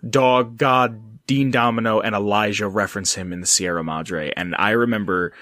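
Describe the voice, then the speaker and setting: A man's voice: lowish voice, fairly even intonation, normal speed, pushed and bright. A man co-hosting a casual gaming lore podcast, rambling and swearing, with stumbling restarts. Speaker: podcast co-host.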